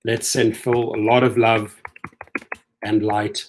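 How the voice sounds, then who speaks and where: A man hosting a casual live talk for his viewers, emphatic and repetitive, swinging from heated rants to soft, low condolences. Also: slow pace, a little hiss or hum. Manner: animated and emphatic, swinging high when worked up, soft and low when consoling; repeats phrases and addresses viewers directly. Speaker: rideshare channel host.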